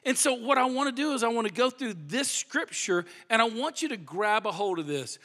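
A man preaching a sermon in a lively, animated way, dropping to hushed emphasis at times. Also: extremely high pitch, brisk. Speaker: pastor. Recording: long hall reverb.

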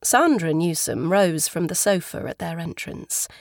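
Woman narrating audiobook, lowish voice, dry close sound, calm. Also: a little slow, no room sound. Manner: calm, even storytelling. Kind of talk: scripted narration.

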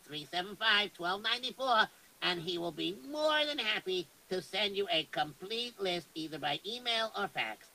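A man's voice: sits high, gravelly, bright, forceful tone, low-quality recording. A man hosting a children's radio show, explaining and telling stories in a patient, teacherly way. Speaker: host and storyteller.

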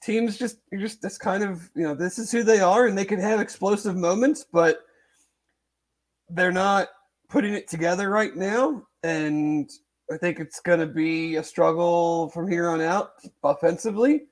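At a moderate pace, a sports talk co-host with a voice that sits high works through his thoughts aloud. The casual sports chat is heavy on hedging, rambling, fillers and restarts.

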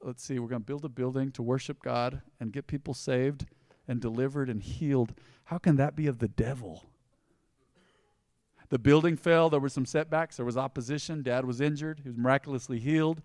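A male pastor preaching a conversational sermon, emphatic and swinging between loud and hushed lines. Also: medium pitch, fairly quick, dry recording, clean studio sound.

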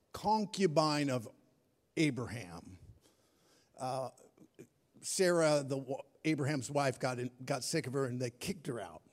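Pastor preaching in a reverberant hall. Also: male voice, medium pitch. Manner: storytelling, animated, acts out his own panic. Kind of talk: sermon. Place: large church hall.

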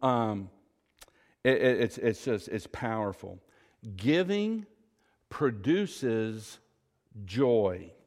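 A man preaching a sermon as pastor, telling stories with emphatic, drawn-out stresses and saying "y'all". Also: on the low side, expressive, darkish tone, in a large hall. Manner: Southern "y'all".

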